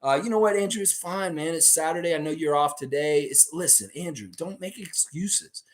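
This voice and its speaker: Hoarse young man hosting a live stream. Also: a little high, normal speed. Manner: animated, rambling storytelling. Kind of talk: casual live-stream chat.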